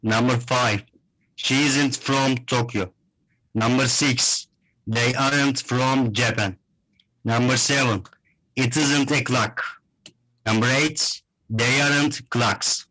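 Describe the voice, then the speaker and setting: A man with a Turkish accent, a student reading English exercises aloud over a video call, halting and hesitant. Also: medium pitch, steady tone, sharp tone, poor audio.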